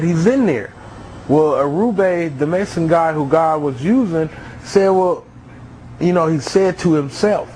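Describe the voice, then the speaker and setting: Man, spoken testimony, emotional storytelling, slightly high voice, faint background hiss. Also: darkish tone, rough recording.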